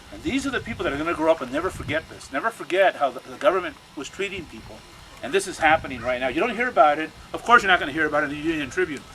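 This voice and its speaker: A man's voice: a little high, sharp tone. A man speaking to a crowd outdoors as an activist, telling stories in an urgent way and often repeating his words. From United States. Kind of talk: impassioned outdoor speech. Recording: noisy outdoor recording.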